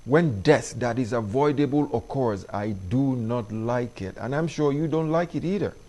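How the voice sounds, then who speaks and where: A middle-aged man, hosting an opinion monologue addressed to parents in an emphatic, preachy way that climbs in pitch on his key points. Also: moderate pace, dark tone. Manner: preachy, emphatic, rises sharply when stressing points. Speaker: commentary show host.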